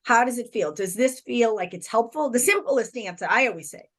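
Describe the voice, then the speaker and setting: Female podcast host with a slightly high voice, thoughtful and explanatory, on a video call. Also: expressive, fairly quick. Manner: reflective, explaining with rhetorical questions. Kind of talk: conversational interview.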